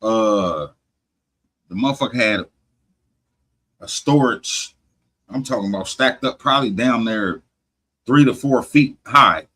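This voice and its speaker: A man with a bright, slightly husky voice tells a story over a casual podcast chat. He swears constantly, trips over himself and restarts sentences, all in loose animated talk. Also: medium pitch, measured pace, pauses often, rough recording. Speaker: podcast host.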